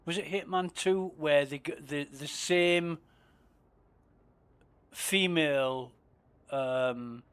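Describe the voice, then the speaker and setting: A man's voice: on the high side, slow, pauses often, a bit bright, clear, resonant tone. A man streaming a space game, chatting casually, swearing freely and muttering asides under his breath. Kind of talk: casual gameplay commentary.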